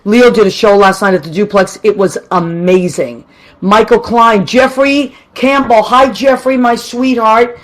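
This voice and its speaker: A woman's voice: fairly high pitch, unhurried. A woman hosting a radio show alone, chatting and greeting listeners by name. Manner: chatty and affectionate, greets people warmly. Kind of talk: live radio chat, reading out listeners.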